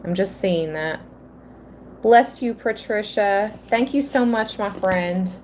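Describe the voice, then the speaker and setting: A woman giving a live tarot reading, slow and earnest, at times emotional. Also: mid-range voice, slight background noise. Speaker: tarot reader.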